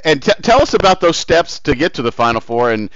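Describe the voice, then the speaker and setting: A man interviewing a guest, asking long questions with many halting restarts. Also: a little high, sing-song, a bit bright, dry recording, highs cut off. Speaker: interviewer, host.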